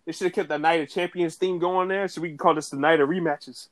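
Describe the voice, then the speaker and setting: A man co-hosting a casual wrestling podcast, talking in animated slang and laughing often. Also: on the high side, fast talker. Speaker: podcast co-host.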